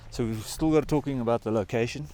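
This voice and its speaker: A travel vlogger in his thirties with a South African accent talks casually to camera while hiking a high mountain trail, out of breath and rambling with lots of fillers. His mid-range voice is warm in tone and fast-paced.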